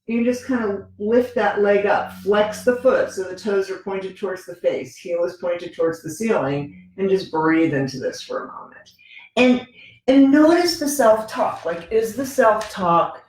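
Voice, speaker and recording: A woman teaching a gentle yoga class, talking the students through each pose in a relaxed, conversational way and often checking in with "right?". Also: medium pitch, measured pace. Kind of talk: guided yoga instruction. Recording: very echoey room with faint music.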